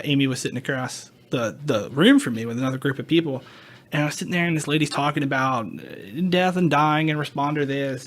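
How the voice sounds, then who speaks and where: A man who is a paramedic, chatting candidly on a podcast and acting out quotes from old calls. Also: mid-range voice. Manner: animated, recounts calls with acted-out quotes. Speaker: paramedic guest.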